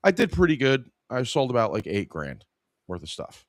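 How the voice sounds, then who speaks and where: A man's voice: medium pitch, wildly swooping pitch, moderate pace, no room sound, clean studio sound. A man in his forties hosting a live podcast, telling a casual work story in an irreverent, wry way. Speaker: podcast host.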